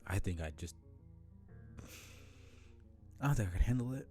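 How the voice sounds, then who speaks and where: Male streamer, casual reader and commenter, low dark voice, laughs a lot. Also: expressive, moderate pace, faint music behind. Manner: casual, swears freely, laughs often. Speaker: streamer reading a webcomic aloud.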